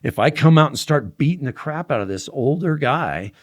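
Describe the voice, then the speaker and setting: A young man in a casual podcast conversation, telling a story animatedly and dropping to a hush at tense moments. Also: fairly high pitch, expressive, moderate pace. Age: young adult. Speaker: podcast guest.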